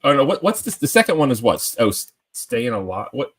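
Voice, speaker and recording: A man chatting casually on a panel call, rambling and excitable, often tripping over his words. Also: mid-range voice, fairly quick, husky. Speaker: panel guest.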